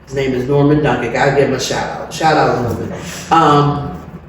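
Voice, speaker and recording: A middle-aged woman telling her own story as an interview guest, candid and animated, laughing often. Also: rumbling low, normal speed. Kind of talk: personal storytelling. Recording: very echoey room, distant mic, faint noise.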